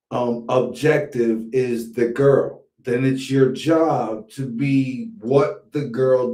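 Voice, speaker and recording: A man's voice: medium pitch, darkish tone, echoey room. A man hosting a podcast, giving blunt, profane, emphatic commentary in a casual way. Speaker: podcast host.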